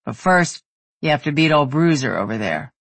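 A stern, commanding male crew boss from an audiobook romance barks short orders, as the narrator puts him on. His husky voice sits a little lower than the telling, close and dry with no room around it. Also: big pitch swings, moderate pace, fairly bright tone, no room sound, full character voice. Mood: testing. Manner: curt, clipped orders.

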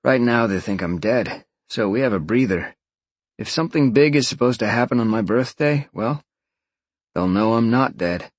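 A man narrating an audiobook voices a relaxed young man thinking out loud, in a lively, husky voice. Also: mid-range voice, moderate pace, no echo, natural voice. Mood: easygoing.

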